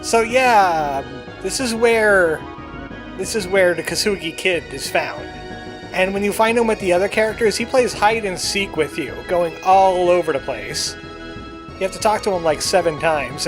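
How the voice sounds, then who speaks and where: A man casually commenting on a game he is playing as the channel's let's play host, chatty and joking, slipping into a cowboy voice now and then. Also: high voice. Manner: chatty, jokey, puts on a cowboy voice. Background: faint game music.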